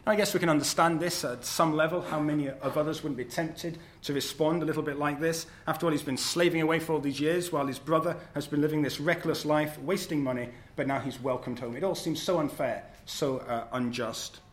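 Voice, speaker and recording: A man preaching to a church congregation, his voice sitting a little higher than usual. He speaks earnestly and at a measured pace, pausing on the odd "uh" as he works through a scripture passage. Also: fairly even intonation. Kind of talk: sermon. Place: church service.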